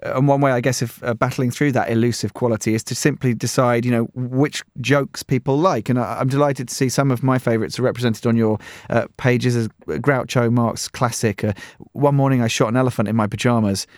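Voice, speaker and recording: A man's voice: medium pitch, fairly even intonation, fairly quick, no echo, studio quality. A man hosting a radio show, interviewing a guest and introducing music, with frequent fillers and restarts. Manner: hesitant, many fillers and restarts. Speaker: radio host. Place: radio studio. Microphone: studio mic.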